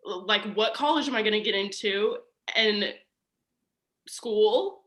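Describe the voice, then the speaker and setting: Bright-voiced young woman telling a story. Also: mid-range voice, unhurried. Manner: animated, says "like" a lot, acts out quoted voices. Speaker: guest. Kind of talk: casual storytelling conversation.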